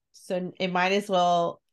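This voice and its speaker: A woman telling a story in a relaxed, unhurried way on a casual podcast. She slips into the characters' lines as she recaps the plot, animated and quick to laugh. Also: lowish voice. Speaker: podcast co-host recapping a book. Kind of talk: casual chat.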